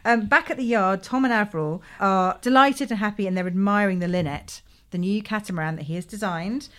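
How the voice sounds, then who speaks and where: A woman's voice: medium pitch, fairly quick, fairly bright tone. A woman co-hosting a podcast, recapping a TV episode in casual chat with frequent giggles. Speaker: podcast co-host.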